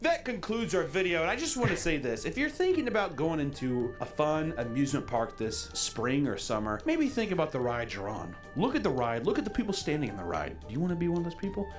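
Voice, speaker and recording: Lively young man reacting, music faint. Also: a little high, fairly quick, hardly any pauses. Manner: reads list aloud, jokey asides, swears. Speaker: reaction video host. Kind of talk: casual reaction commentary.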